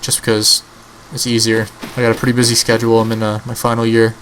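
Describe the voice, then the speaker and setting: A man's voice: mid-range voice, completely flat delivery, fast talker, a bit bright, slight background noise, poor audio. A man in his early twenties giving casual, rambling gameplay commentary as a channel host, swearing offhandedly. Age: early 20s.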